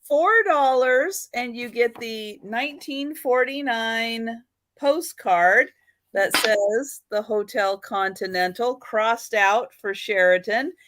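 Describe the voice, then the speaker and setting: A woman hosting a live photo sale, friendly and quick to laugh as she greets viewers and lists items. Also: on the high side, a bit bright, no room sound. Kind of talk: casual live-stream chat.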